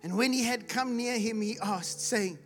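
A preacher giving a sermon to a live congregation, asking rhetorical questions and calling for responses, at times rising to loud shouts. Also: medium pitch, normal speed, faint music behind. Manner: rises to loud shouts when acting out the blind man's cries. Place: church hall with live congregation.

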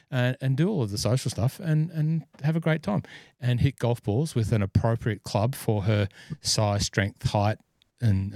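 A man's voice: on the low side, darkish tone, dry recording. A man hosting a podcast, telling long rambling stories with many fillers. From Scotland. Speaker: podcast host and golf club fitter. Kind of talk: casual podcast chat.

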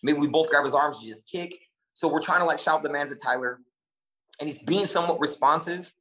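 A man casually telling a long story, animated and profane, acting out what people said. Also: on the high side, a little fast, low-quality recording. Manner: animated, profane, acts out quotes.

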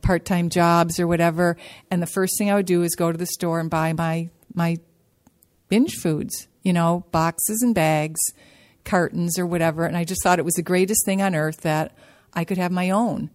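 A woman sharing her personal story at a support-group workshop, her voice sitting a little low for a woman. She speaks earnestly and haltingly, restarting her sentences often. She leans on key words by repeating them over and over. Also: darkish tone. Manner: halting and repetitive, with many restarts and hesitant pauses. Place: meeting room at a workshop.

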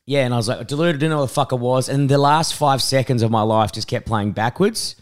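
An Australian man tells rambling, profane stories in a casual podcast chat. He acts out quotes as he goes. His voice sounds a touch rough and worn. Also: medium pitch, brisk. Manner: rambling storyteller, swears often, acts out quotes. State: voice rough from vomiting. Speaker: podcast co-host.

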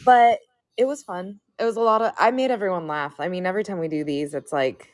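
A woman's voice: on the low side, brisk, dry recording, studio quality. A woman co-hosting a casual podcast, chatty and self-deprecating. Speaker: co-host.

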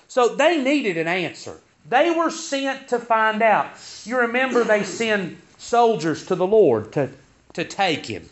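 A man's voice: high voice, sing-song, a little slow. A man teaching a Sunday school class, reading Bible verses aloud and then explaining them. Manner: reads scripture aloud in King James wording, then explains it. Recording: dull, lo-fi recording.

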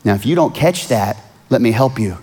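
A man preaching a sermon, swinging from hushed, earnest lines to loud pleading outbursts. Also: medium pitch, lively intonation, moderate pace. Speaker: pastor.

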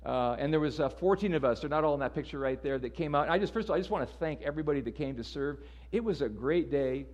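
A man's voice: on the high side, expressive, fast, a little mellow. A man preaching a sermon in a casual, conversational way, often repeating words as he restarts. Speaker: pastor.

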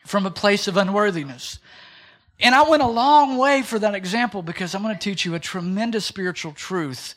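Brief: male pastor in a church, joking, animated preaching with a high voice. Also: fairly quick. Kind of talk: sermon.

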